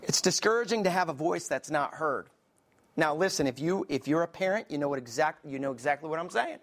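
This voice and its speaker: A man's voice: on the high side, lively intonation, brisk, a bit bright. A man preaching a sermon as a pastor, impassioned and conversational, often turning to the congregation with questions.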